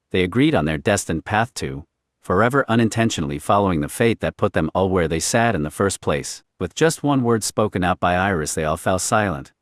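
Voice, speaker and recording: A man reading a scripted story as narrator, in a deep, level reading voice. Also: no echo, studio quality.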